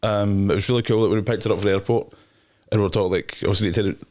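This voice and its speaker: A young Scottish man chats fast in a low voice, slangy and rambling, laughing often as he tells stories. He speaks as a guest in a casual interview. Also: steady tone, darkish tone.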